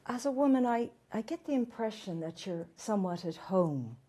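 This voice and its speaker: A woman's voice: medium pitch, lively intonation, moderate pace, warm tone, slightly rough. A woman playing a beleaguered middle-aged chat show host who asks prim, formal questions in a one-woman comedy show.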